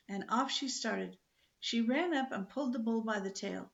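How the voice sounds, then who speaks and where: An older woman reading a children's book aloud in a lively, expressive storytelling manner. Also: on the high side, moderate pace, vocal fry, highs cut off.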